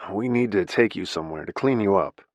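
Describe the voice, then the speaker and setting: A man's voice: sits low, a little fast, a little mellow, no room sound. A man doing a firm, reassuring lawyer. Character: male lawyer, calm gallant rescuer.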